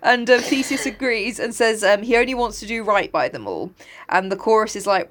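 A woman's voice: mid-range voice, expressive, fairly quick, a bit bright. A young woman co-hosting a podcast in casual chat, laughing often and acting out quotes. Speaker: podcast co-host. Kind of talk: casual chat, retelling a play.

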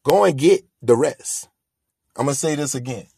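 A man's voice: medium pitch, lively intonation, normal speed, creaky, dark tone, slightly rough, dry recording, studio quality. A man hosting a podcast, delivering a motivational monologue in an emphatic, preachy way, repeating his points. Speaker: podcast host.

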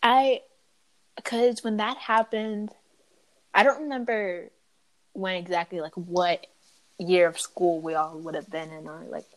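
A young woman hosting a casual chat, laughing along and chiming in with quick asides. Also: on the low side, fairly even intonation, rough recording. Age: young adult. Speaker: host.

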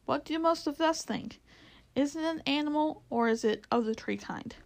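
A woman reading a storybook aloud, voicing a gentle, wise female elephant who speaks mildly and thoughtfully. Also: high-pitched, gravelly, pitched above the performer's own voice. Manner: mild, thoughtful, slow.

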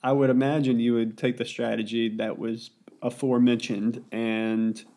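A man's voice: medium pitch, flat delivery, moderate pace, mellow. A man co-hosting a podcast, casually chiming in with amused, teasing questions. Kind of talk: casual chat.

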